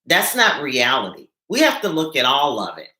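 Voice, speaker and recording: A nurse hosting a live stream from home, speaking earnestly and stumbling over repeated words when upset. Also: female voice, rumbling low, wildly swooping pitch, normal speed, sharp tone, echoey room. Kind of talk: emotional live-stream talk to viewers.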